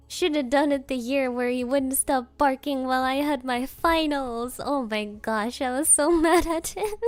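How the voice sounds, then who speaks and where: A high-pitched young woman talks to her stream at an unhurried pace, rambling and giggling as she slips into playful voices. Soft music sits faintly behind her. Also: no room sound. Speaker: VTuber streamer. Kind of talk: casual stream chat.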